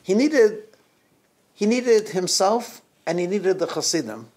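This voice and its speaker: A man's voice: high voice, lively intonation, unhurried, darkish tone. A middle-aged man, a rabbi, telling anecdotes to his congregation, often chuckling mid-sentence and restarting his phrases. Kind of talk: anecdotal holiday talk to a congregation.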